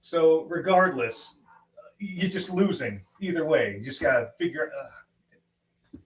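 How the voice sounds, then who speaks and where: A man's voice: on the high side, animated, slow. A man co-hosting a livestream over a video call, ranting bluntly and with exasperation. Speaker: co-host. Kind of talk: casual livestream chat. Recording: echoey distant call audio, faint noise.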